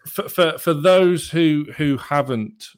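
A man's voice: on the high side, takes it slowly, clean tone, no room sound, clean studio sound. A male podcast co-host chatting casually and loosely, laughing along with his guest. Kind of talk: casual interview chat.

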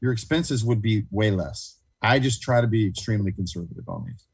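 A man's voice: on the low side, a little fast, vocal fry, far from the mic, poor audio. An American man in a casual chat, enthusiastic, repeating words and filling with "you know". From United States.

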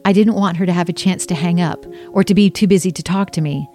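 A woman's voice: lowish voice, fast, dark tone, faint music behind. A woman reading her own memoir aloud, telling her story in an earnest, emotional first-person way.

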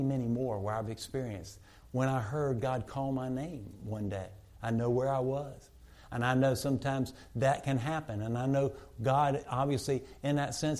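A man preaching a sermon from the pulpit of a church. His voice is dark and mellow, set at a middle pitch for a man. He climbs to loud, emphatic peaks and then sinks into hushed, intimate lines. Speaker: pastor.

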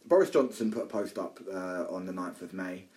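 A man's voice: low-pitched, expressive, a little fast, darkish tone, low-quality recording. A man from the UK, co-hosting a casual podcast, talking animatedly with stammering restarts. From United Kingdom. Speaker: podcast co-host.

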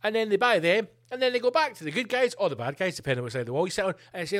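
A man hosting a podcast, ranting comedically with plenty of swearing and animated asides. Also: sits high, racing, hardly any pauses. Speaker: podcast host. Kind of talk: comedic rant.

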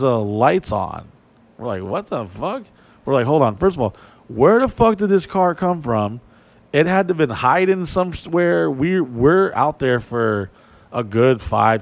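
Animated, profane man storyteller. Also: mid-range voice, vocal fry. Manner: animated, profane, acts out dialogue in a raised voice. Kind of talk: casual storytelling.

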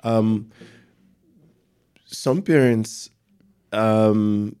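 A man hosting a podcast, asking a guest questions in a relaxed, thoughtful way. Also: lowish voice, drawn-out words, smooth. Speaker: podcast host. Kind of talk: casual interview chat.

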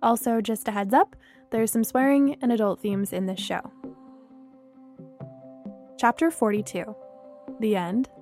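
A woman's voice: on the high side, measured pace, long pauses, a little mellow, soft background music. A woman narrating her own first-person audio drama and playing its heroine, sarcastic and heated in the dialogue. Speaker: podcast narrator and writer.

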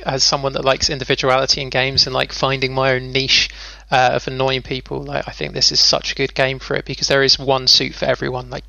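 Man, gravelly voice, flat tone, enthusiastic casual podcast chat. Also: mid-range voice, dry recording, dull audio. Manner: enthusiastic, chatty, lots of "like". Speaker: podcast co-host.

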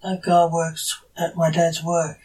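A reader voicing a playful masked male necromancer, read slowly from a distance to the mic. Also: mid-range voice, monotone, darkish tone, close to an everyday voice. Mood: teasing. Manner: playful, self-mocking.

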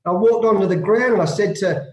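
A middle-aged Australian man with a fairly high voice, recounting his cricket days with relish. He acts out the dialogue and laughs as he goes. His voice rings with a roomy echo. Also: a little fast. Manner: lively anecdotal, acts out dialogue, laughs often. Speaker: guest, former test cricketer. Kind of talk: storytelling interview.

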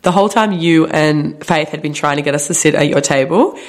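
A woman's voice: low-pitched, fairly quick. A young woman, co-hosting a casual podcast, reacting with laughter and swearing. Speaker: podcast co-host. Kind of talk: casual chat.

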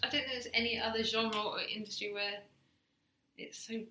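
A woman talking casually as a podcast guest about the magazine she founded, animated and quick to laugh. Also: a little high, slight background noise. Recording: echoey room.

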